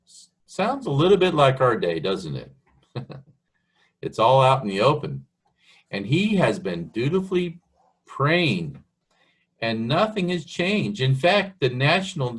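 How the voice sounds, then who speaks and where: A male preacher gives a sermon slowly and carefully. His voice is a little husky, and his pitch rises and falls a lot as he reads and explains scripture. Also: very animated. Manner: slow, earnest, asks the listener questions. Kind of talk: sermon, Bible teaching.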